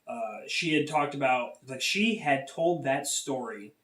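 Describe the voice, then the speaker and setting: A man chatting casually as a podcast host, winding through a personal story with lots of "like" and false starts. His voice sits at an ordinary middle pitch. The sound is roomy, as if he sits a bit back from the mic. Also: animated, measured pace, a bit bright, distant mic. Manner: rambling with many fillers and restarts.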